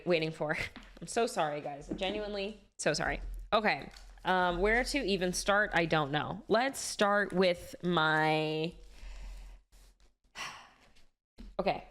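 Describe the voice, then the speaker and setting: A woman streamer chatting casually and enthusiastically about comics, swearing freely as she talks. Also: fairly low pitch.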